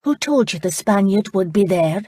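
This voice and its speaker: A guarded, earnest young woman with a crisp accent, as a narrator puts her on. Her voice has a slightly breathy edge, recorded dry and up close in a storybook reading. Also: medium pitch, lively intonation, moderate pace, dark tone, dry recording. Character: serious, wary young woman of poor means.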